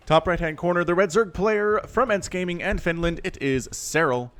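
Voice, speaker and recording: A man's voice: high-pitched, normal speed, a bit bright. A man casting a strategy game match on his own, chatting straight to his viewers as he explains the play. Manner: chatty, addresses viewers directly. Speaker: esports caster. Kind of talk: solo game commentary.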